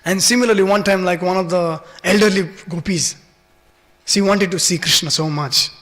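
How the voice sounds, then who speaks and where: A man's voice: high voice, moderate pace, a bit bright. A man giving a devotional scripture class in a temple hall, telling stories with many fillers and acting out the voices.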